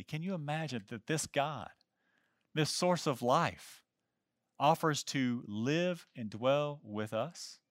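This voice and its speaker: A man's voice: a little high, expressive, slow, dry recording, studio quality. A man preaching a sermon, reading scripture aloud and breaking in with emphatic comments to his listeners. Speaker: pastor.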